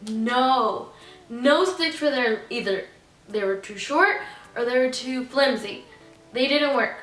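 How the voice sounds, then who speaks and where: A young adult woman telling a rambling, animated story in a casual vlog, acting out what others said. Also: high-pitched, takes it slowly, recorded from a distance. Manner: rambling, animated retelling that acts out other people's lines. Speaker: vlogger. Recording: echoey room, voice a bit off-mic, faint music.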